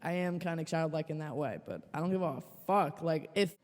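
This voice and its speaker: A woman's voice: low-pitched, a little fast, darkish tone, big-room sound. A woman hosting a podcast, telling a story in a casual, rambling way that is frank and full of swearing. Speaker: podcast host.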